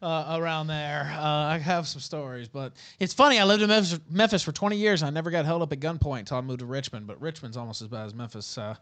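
Southern-accented male host, relaxed, reads viewer questions, fairly high-pitched. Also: fast talker, few pauses. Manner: easygoing, with filler "uh"s. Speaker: podcast host. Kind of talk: casual podcast hosting, reading viewer questions.

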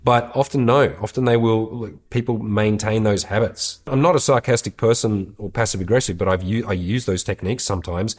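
A man's voice: lowish voice, brisk, few pauses. A man hosting an advice show, talking through a listener's question in a blunt, candid way with casual swearing.

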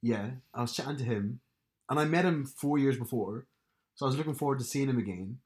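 A man's voice: medium pitch, fairly quick, a little mellow. A man co-hosting a podcast, chatting casually with dry, teasing humor. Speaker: podcast co-host. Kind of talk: casual chat.

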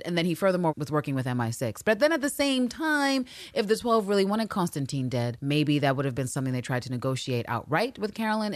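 Animated, profane woman recapping a show. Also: low-pitched, dry recording, studio quality. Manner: animated, acts out characters' lines, swears freely. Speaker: podcast co-host. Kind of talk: casual recap chat.

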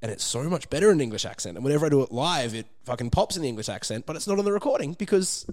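A man's voice: medium pitch, rapid-fire, crowd noise. A man, a rapper chatting casually as a guest, swearing freely and telling stories with energy. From Australia. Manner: laid-back, swears freely, energetic storytelling. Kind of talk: casual chat.

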